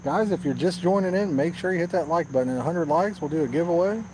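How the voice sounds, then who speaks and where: A man hosts a casual live fishing stream from a pond at night and greets viewers by reading their comments. He jokes and teases between messages. His voice sits a little high, with faint noise from outdoors behind it. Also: quick pace. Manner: reads viewer comments aloud, teasing and jokey. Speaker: fishing channel host.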